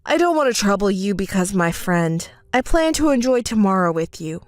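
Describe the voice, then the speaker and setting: A woman's voice: mid-range voice, sing-song, normal speed, dry recording, studio quality, soft background music, pitched below the performer's own voice, natural voice. A woman doing an evasive young husband. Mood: placating. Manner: placating, apologetic.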